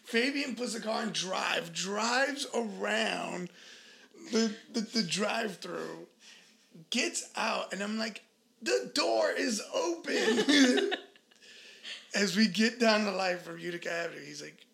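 A man's voice: high-pitched, unhurried, vocal fry, sharp tone. A man, co-hosting a podcast and telling a story in laid-back slang, acting out the dialogue. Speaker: podcast co-host. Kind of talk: casual storytelling chat.

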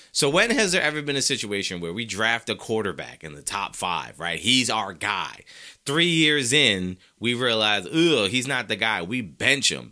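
A man delivers opinionated sports commentary as a show host, worked up and ranting. His pitch swings widely. His tone is forceful and tense, and he drives each point home by repeating it. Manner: ranting, fired up; emphatic repetition.

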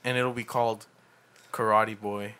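A man's voice: on the low side, a little slow, smooth. A young man co-hosting a casual podcast, telling stories with lots of swearing and laughter. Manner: animated storytelling, swearing and laughing. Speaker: podcast co-host. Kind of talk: casual chat.

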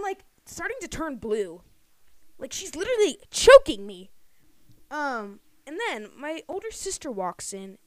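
A young woman co-hosting a podcast, telling childhood stories in casual chat with giggly, animated delivery. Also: high-pitched. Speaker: podcast co-host.

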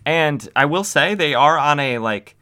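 A man's voice: fairly high pitch, animated, a little slow, pushed and bright. A young man casually recapping old comics as a podcast host, with wry, sarcastic asides.

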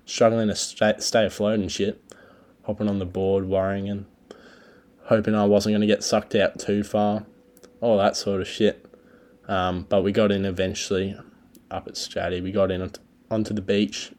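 A young Australian man hosting a solo podcast, telling stories in a crude, swearing, laid-back ramble on a low-quality home recording. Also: flat delivery, normal speed, a little mellow. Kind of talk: casual rambling chat.

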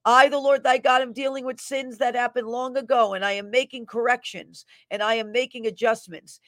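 A woman preacher proclaims a prophetic word in a ringing, declamatory voice, rising hard on each divine declaration and sinking low for her plain asides. She reads scripture with a measured, emphatic cadence. The sound is dry and close, with no room echo. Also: a bit bright. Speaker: prophetic minister. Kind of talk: delivering and explaining a prophetic word.

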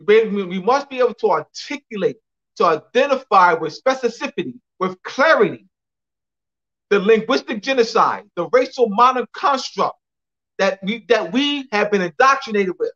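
A man's voice: high-pitched, expressive, normal speed, a bit bright, dull audio. A man giving an emphatic lecture on a call, repeating phrases for clarity and spelling out names letter by letter. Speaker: guest speaker.

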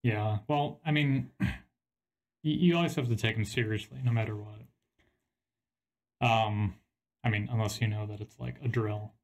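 A man's voice: lowish voice, steady tone, normal speed, long pauses. A young man co-hosting a podcast, casually chatting and explaining things plainly. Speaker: podcast co-host. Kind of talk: casual chat.

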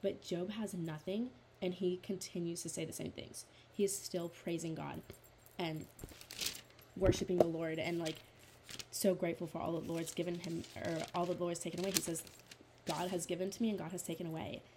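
A woman's voice: on the low side, level tone, moderate pace, heavy background noise. A young woman giving a casual, earnest Bible study talk, chatty with lots of "like" fillers, reading scripture aloud between her own thoughts. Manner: reads scripture aloud in a steadier voice. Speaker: devotional Bible speaker.

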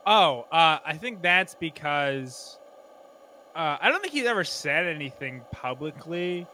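Bright-voiced man in casual banter. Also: a little high, sing-song, unhurried, a little hiss or hum. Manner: rambling, full of "like", bursts into goofy impressions. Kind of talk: casual comedic chat.

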